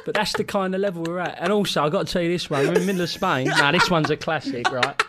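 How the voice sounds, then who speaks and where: A man's voice: fairly high pitch, fast talker, heavy background noise. A man with a Cockney accent on a podcast, telling rambling, laughing anecdotes and swearing freely. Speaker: podcast co-host, former footballer. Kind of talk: casual podcast banter.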